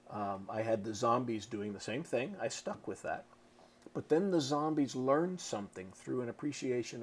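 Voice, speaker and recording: A man's voice: mid-range voice, slight background noise. A middle-aged man, an author, giving a casual, chatty lesson on writing to camera, tossing in playful sound effects. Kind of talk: casual instructional talk to camera.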